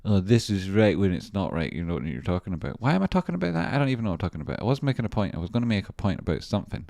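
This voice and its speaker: A man's voice: low-pitched, sing-song, very fast, gravelly, darkish tone, no room sound, clean studio sound. A man hosting a trading livestream, talking casually through charts in a rambling, profane way with chatty asides to viewers. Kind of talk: casual live-stream chart commentary.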